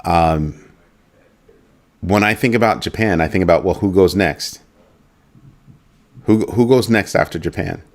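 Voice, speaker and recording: A man with a very low voice hosts a casual livestream. He muses aloud, keeps asking rhetorical questions, and stops to read out viewer chat. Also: unhurried, pauses often. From United States. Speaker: livestream host.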